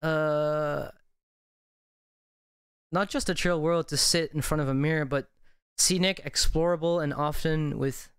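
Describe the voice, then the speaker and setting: A man's voice: on the high side, fairly even intonation, unhurried, long pauses, clear, resonant tone, dry recording. A man streaming from home in VR, chatting loosely, swearing often and laughing easily. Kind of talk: casual livestream chat. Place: home room while playing VR.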